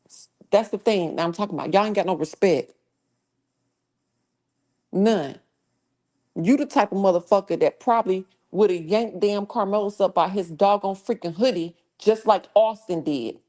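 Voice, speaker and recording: A woman hosting a casual livestream who curses freely and talks down trolls in her chat. Her voice sits at an ordinary middle pitch. She keeps a blunt, scolding tone as she talks straight into her mic. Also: moderate pace, darkish tone. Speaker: livestream host.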